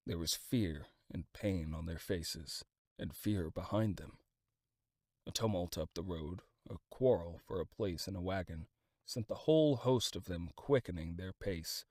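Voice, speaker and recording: A man reading a classic novel aloud as an audiobook, in a dramatic, expressive style of scripted narration. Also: sits low, a little slow, no echo.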